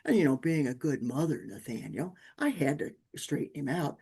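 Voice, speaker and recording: A woman's voice: measured pace, breathy edge. A woman, a parenting author, telling stories in a podcast interview and acting out the people she quotes. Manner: animated, acts out quotes with big pitch jumps.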